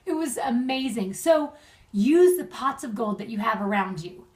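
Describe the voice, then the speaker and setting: A woman's voice: fairly high pitch, animated, normal speed, far from the mic. Chatty woman laughing through home advice. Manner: warm, chatty, laughs often. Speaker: friend giving marriage advice. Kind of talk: casual video message.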